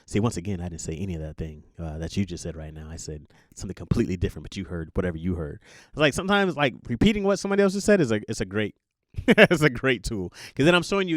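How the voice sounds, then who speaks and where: A man's voice: on the low side, big pitch swings, fast, no echo, studio quality. A young adult man hosting a casual monologue podcast, telling stories with playful voiced asides and laughs. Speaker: podcast host.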